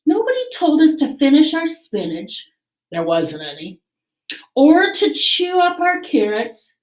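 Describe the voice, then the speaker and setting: A woman teacher reading a picture book aloud to children in an expressive, animated way. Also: sits high, measured pace, roomy sound. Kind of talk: read-aloud story time for children.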